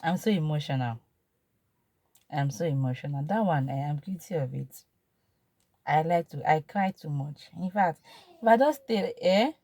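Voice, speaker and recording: This vlogger, a woman in her thirties with a Nigerian accent and a deep voice, relates an emotional personal testimony. She circles back over the same points, going from animated to hushed. The recording is dry.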